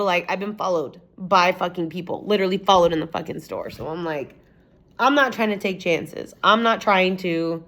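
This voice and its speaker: A woman's voice: medium pitch, fairly bright tone. A young woman vlogger telling a personal story in a rambling, casual way, swearing often and saying "like" a lot.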